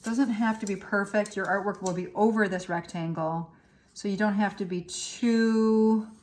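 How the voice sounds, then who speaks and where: Relaxed teacher woman, roomy and distant. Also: medium pitch, a little slow. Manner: relaxed, frequent ums and uhs, explains step by step. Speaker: art teacher. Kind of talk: recorded remote art lesson with demonstration. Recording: roomy echo, voice set back from the mic.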